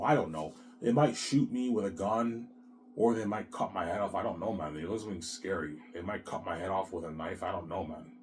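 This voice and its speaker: A man's voice: sits low, brisk, a little hiss or hum. A man in a rambling, emotional monologue, agitated and repetitive, swearing often and tacking "man" onto his sentences.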